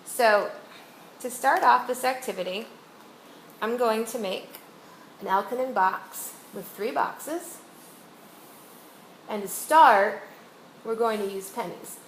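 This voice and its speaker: A woman's voice: on the high side, slow, pauses often. A woman reading teacher giving one-on-one literacy instruction, guiding a student with patient, step-by-step questions. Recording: roomy echo, faint background noise.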